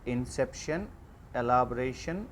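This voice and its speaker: A man giving an online class lecture, reading out slide points in a slow, halting way with frequent fillers. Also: medium pitch, animated, a little hiss or hum.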